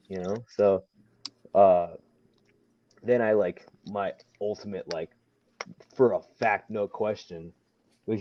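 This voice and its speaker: A man's voice: deep voice, warm tone, no room sound. A young man, a wrestler, telling a story in casual chat, rambling with lots of fillers and acting out what people said. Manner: rambling, many fillers, acts out quotes. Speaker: wrestler guest. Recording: dull lo-fi sound.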